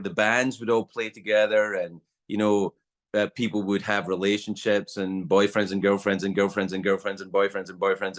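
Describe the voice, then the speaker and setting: Animated man telling stories. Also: fairly low pitch. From Scotland. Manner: animated storyteller, acts out voices. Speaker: guest. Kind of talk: casual storytelling in a podcast chat.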